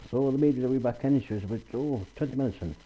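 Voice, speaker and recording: A man telling a traditional folk tale aloud in a homely, unhurried way. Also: medium pitch, slightly rough, highs cut off. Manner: homely, unhurried, repetitive "he says". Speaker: storyteller.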